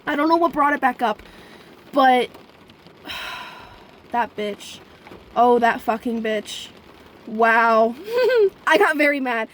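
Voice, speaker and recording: A woman's voice: on the high side, slow pace, long pauses, fairly bright tone, a little hiss or hum. A young woman telling a story straight to her viewers in a casual vlog, rambling and chatty with sudden profane outbursts. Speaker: vlogger.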